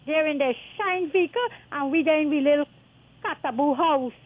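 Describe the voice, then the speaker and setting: A woman's voice: high-pitched, a little fast. A middle-aged woman with a Guyanese accent calling a talk radio show, distressed and pleading, calling the host son and my dear. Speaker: caller. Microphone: telephone. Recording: tinny dry phone line.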